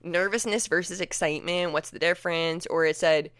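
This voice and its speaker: A woman's voice: lowish voice, steady tone, brisk, fairly bright tone, clear, resonant tone, no room sound, clean studio sound. A young woman hosting her own podcast, chatting casually and animatedly, with lots of fillers and acted-out quotes. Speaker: podcast host. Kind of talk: casual solo podcast chat.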